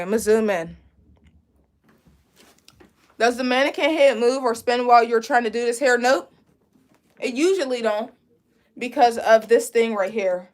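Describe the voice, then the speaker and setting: A young woman from Pittsburgh with a high, bright-toned voice runs a casual live braiding lesson. She chats freely with her viewers, reads their comments aloud and laughs easily as she works. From Pittsburgh, USA. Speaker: braiding instructor hosting a live stream. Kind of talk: casual live-stream tutorial.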